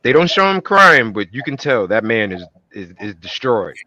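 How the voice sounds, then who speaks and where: A man's voice: moderate pace, no echo, lo-fi sound. A man co-hosting a podcast, chatting casually and acting out characters in sudden voices. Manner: animated, acts out characters with sudden high-pitched voices. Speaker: podcast co-host. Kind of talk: casual chat recapping a TV episode.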